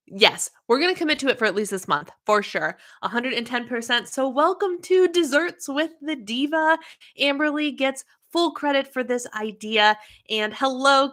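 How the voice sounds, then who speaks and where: A woman's voice: a little high, pushed and bright. A woman hosting a casual livestream, chatting and greeting viewers by name. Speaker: livestream host.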